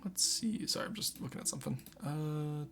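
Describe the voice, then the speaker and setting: A man's voice: a little high, lively intonation, fairly quick, fairly bright tone, whispered. A man streaming a game live, chatting and joking with his viewers while he plays. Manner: chatty, joking, talks to chat. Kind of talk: casual live game commentary.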